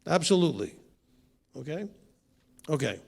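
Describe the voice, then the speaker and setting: A man's voice: a little high, sing-song, normal speed, creaky, darkish tone, slightly rough. A rabbi leading a conversational Bible teaching session with a group, asking rhetorical questions and teasing his listeners. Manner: talks straight to the room, rhetorical questions, teasing asides.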